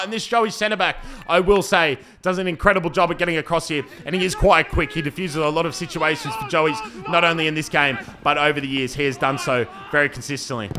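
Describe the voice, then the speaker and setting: A young man giving playful, joking commentary over his own amateur football match, breaking into excited shouts. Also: on the high side, fast talker, few pauses. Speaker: football commentator and team player.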